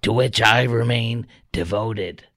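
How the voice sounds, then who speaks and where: A man doing an impression of a male cabinet official, speaking slowly and deliberately in a lowered voice. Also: a bit bright, no room sound, full character voice. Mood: stiffly formal. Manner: slow, deliberate, lowered delivery.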